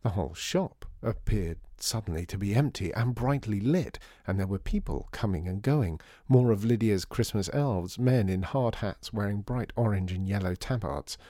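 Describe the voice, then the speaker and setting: Man, storybook narrator, low voice, even expressive reading, dry close sound. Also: normal speed, hardly any pauses, no room sound. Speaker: author and narrator.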